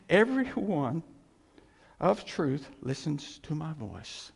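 A man's voice: on the high side, big pitch swings, slow, vocal fry. A man preaching a sermon as a pastor, emphatic and repetitive, with chuckling asides. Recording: echoey hall reverb.

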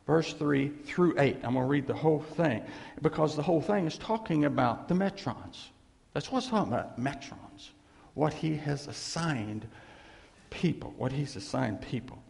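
Gravelly preacher in a reverberant hall. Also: male voice, on the high side, normal speed, a little mellow. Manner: storytelling with call-and-response asides. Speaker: pastor. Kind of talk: sermon.

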